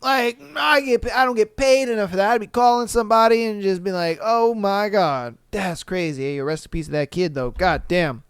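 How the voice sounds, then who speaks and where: An animated male podcast host reads listener stories and then riffs on them, swearing freely and jumping into little acted-out voices. His voice is smooth and clean, recorded close on a dry mic. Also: high-pitched, fairly quick, hardly any pauses, no room sound. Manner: animated, profane, acts out bits in funny voices. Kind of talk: reading and reacting to stories.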